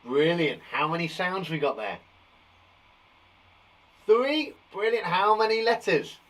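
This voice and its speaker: Lively British teacher sounding out words. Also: male voice, high-pitched. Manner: encouraging, sounds out words slowly. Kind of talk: phonics lesson for young children.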